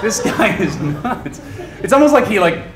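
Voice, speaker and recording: A man doing stand-up comedy for a live audience, chatty and animated, often laughing at his own jokes. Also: sits high, normal speed, a crowd in the background. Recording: echoey room, audience laughter, noise.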